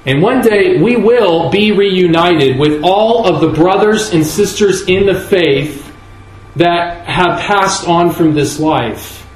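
A man preaching a sermon in a church, earnest and measured, leaning on key words with slow emphasis. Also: high-pitched. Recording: echoey room with faint ambience.

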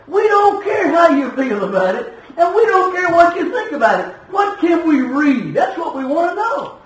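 A man preaching a sermon in a folksy storytelling way, swinging between shouted emphasis and quiet asides. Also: very high voice, big pitch swings, moderate pace. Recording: echoey room from a distance.

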